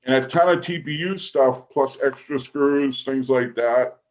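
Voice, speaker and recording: A man's voice: mid-range voice, measured pace. A man chatting casually with friends about drones, joking and teasing. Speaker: panelist. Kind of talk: casual group chat.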